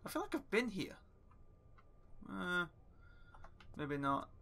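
A man's voice: sits high, very animated, slow pace, creaky, bright, forceful tone, slight background noise. A young man casually commenting while playing a game, chatty, swearing often and talking to himself. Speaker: gaming YouTuber. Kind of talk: casual let's play commentary.

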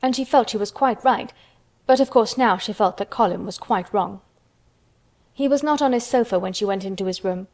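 Woman reading a storybook aloud. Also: medium pitch. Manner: steady, measured narration.

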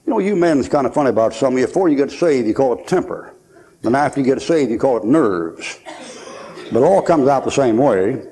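A man's voice: mid-range voice, animated, brisk, dark tone. A man in his sixties preaching a folksy sermon at a conference, joking and laughing as he tells stories.

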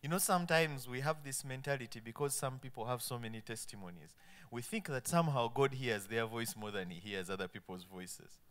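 A man preaching a sermon, quoting scripture emphatically and dropping to soft asides. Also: mid-range voice. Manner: emphatic, swinging between loud proclamation and soft asides.

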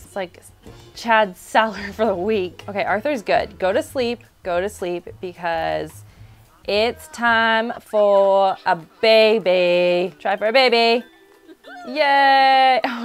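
A young woman commentating her own gameplay, bubbly and chatty, who keeps coaxing and scolding the characters on screen. Her pitch sits squarely in the middle for a woman. Soft music runs faintly under her voice. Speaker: gaming channel host. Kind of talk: let's-play commentary.

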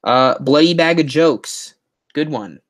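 A man's voice: fairly high pitch, takes it slowly. A man hosting a livestream on a headset, chatting casually and reading out viewer comments in a rambling way. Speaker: YouTube livestream host.

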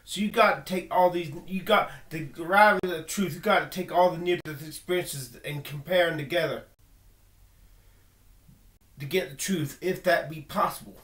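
A man's voice: fairly high pitch, moderate pace, fairly bright tone, reverberant. A man giving an earnest personal monologue, emphatic and full of repeated words and restarts. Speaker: video blogger.

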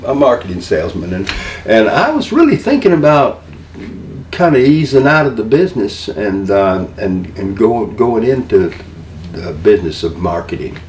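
Older man, Southern drawl, folksy and animated, echoey room, mic at a distance. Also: fairly low pitch, normal speed, a little hiss or hum. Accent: Southern American. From Southern United States. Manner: folksy, animated storyteller who acts out quotes. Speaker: interview guest, former wrestling manager. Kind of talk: storytelling interview.

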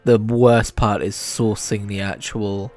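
A man's voice: lowish voice, flat delivery, takes it slowly, a little mellow, soft background music. A man giving casual, wry commentary over a game playthrough, often swearing and joking. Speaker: gaming video creator.

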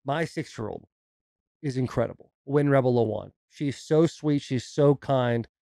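Gravelly, dark-voiced podcast co-host. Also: male voice, mid-range voice, a little slow, no room sound. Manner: animated storyteller, mimics his kids' whiny voices. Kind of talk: casual chat.

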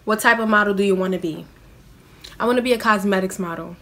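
A woman's voice: mid-range voice, fast talker, bright, forceful tone. A young woman, chatting in a casual question-and-answer vlog. She is self-mocking and scatters "like" through her talk. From New York City. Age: young adult. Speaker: vlogger.

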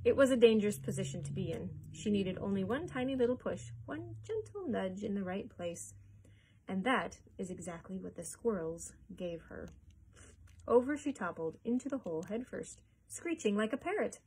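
A woman, a children's librarian, reading a chapter book aloud with expressive, animated storytelling. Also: medium pitch, normal speed, a little hiss or hum, rough recording.

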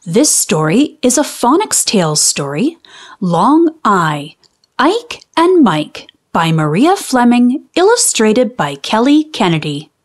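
Slow, lively-voiced story reader woman. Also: fairly high pitch. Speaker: children's book reader. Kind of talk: read-aloud storytime with phonics lessons.

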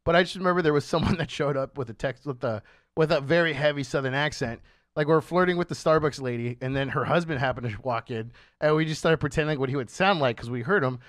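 A man's voice: a little high, fast talker, fairly bright tone, dry recording, studio quality. A young man co-hosting a podcast, chatting casually, laughing often and slipping into mock accents. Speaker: podcast co-host. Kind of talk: casual chat.

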